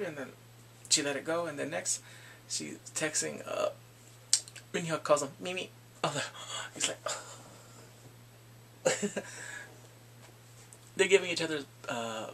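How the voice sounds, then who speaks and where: A man giving a casual recap of drama episodes. He talks in an animated way, acts out the characters and laughs often. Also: a little high, vocal fry, slight background noise. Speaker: drama reviewer.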